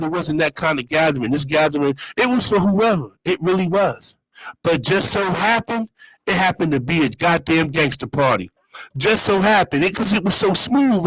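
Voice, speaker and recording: A man's voice: on the high side, a bit bright, slightly rough, dry recording, poor audio. A man hosting his own show, telling a loose, slang-heavy story in a casual monologue and repeating his phrases. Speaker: show host.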